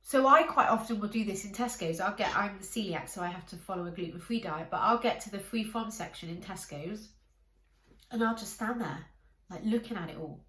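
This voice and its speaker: A woman coaching her listeners in a calm, encouraging way, speaking directly to them. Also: mid-range voice, a little fast. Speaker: life coach. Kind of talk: coaching talk to camera. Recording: echoey room.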